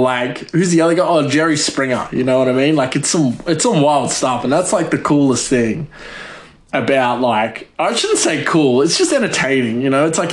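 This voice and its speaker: This man's fairly high voice comes through with slight background noise and room echo. Chatting casually as a vlogger, he wanders off topic, giggles, and peppers his talk with "like."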